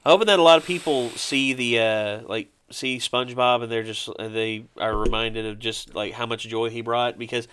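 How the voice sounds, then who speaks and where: A man hosting a casual podcast, telling stories in a rambling, animated way with many fillers. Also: medium pitch, normal speed, few pauses, clear, resonant tone. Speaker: podcast host. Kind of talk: casual chat.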